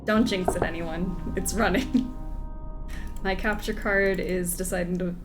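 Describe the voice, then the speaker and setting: A woman's voice: fairly low pitch, steady tone, a little slow, music in the background. A woman streaming a mystery video game, chatting casually, joking and laughing with her viewers as she plays. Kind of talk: casual gameplay commentary.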